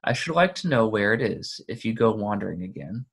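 A man voicing a grave, patient old male wizard who speaks in a measured, deliberate way. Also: fairly low pitch, sing-song, fairly bright tone, husky, exaggerated voice.

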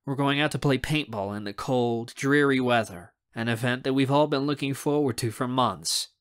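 A man narrating a young adult novel in the first person, expressive and acting out the scenes. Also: medium pitch, moderate pace, clean tone. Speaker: audiobook narrator.

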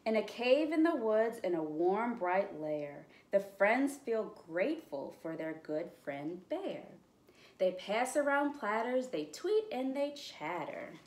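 A woman librarian reading a picture book aloud at storytime, with slow, expressive, encouraging delivery. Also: medium pitch, roomy sound. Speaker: children's librarian.

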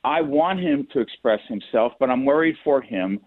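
A man appearing as a guest on a radio show, speaking earnestly and pressing his point in a measured way. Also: medium pitch, wildly swooping pitch, gravelly. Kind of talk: talk radio interview. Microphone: phone. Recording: tinny phone line, dry.

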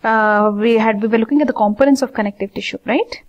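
A woman teaching anatomy in an informal lecture, repeating terms slowly and asking her students questions. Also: on the high side, highs cut off.

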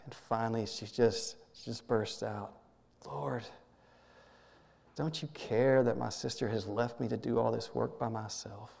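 Soft-spoken gravelly minister in a reverberant church. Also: male voice, medium pitch, steady tone. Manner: halting, gentle, repeats words, drops to a soft hush. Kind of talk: guided prayer meditation. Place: church sanctuary.

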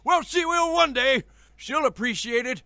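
A rambling old cartoon grandpa. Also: male voice, extremely high pitch, creaky, bright, forceful tone, no room sound, exaggerated voice. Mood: fond. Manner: slow, halting, trails off. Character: forgetful elderly grandfather, rambling, crude. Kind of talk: cartoon voice acting.

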